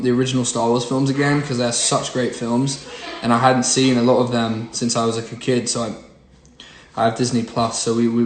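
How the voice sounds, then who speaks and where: A young singer-songwriter chatting casually on a phone livestream, rambling with lots of fillers. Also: male voice, medium pitch. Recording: roomy echo, faint noise.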